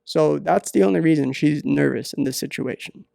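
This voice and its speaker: A man hosting a podcast, giving rambling deadpan comedic advice with many halting fillers. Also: fairly high pitch, gravelly, no echo, studio quality. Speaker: podcast host.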